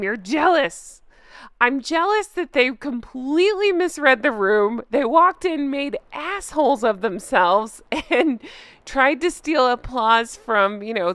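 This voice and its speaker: High, lively, sarcastic woman commentator. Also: clean tone, no echo, clean studio sound. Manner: sarcastic, laughs often. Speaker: YouTube commentary host. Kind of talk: casual commentary reading comments aloud.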